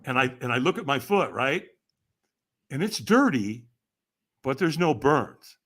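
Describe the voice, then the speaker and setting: Older man telling a lively story. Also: mid-range voice, measured pace, breathy edge. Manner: acts out quoted voices, laughs often. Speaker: podcast guest. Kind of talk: animated storytelling.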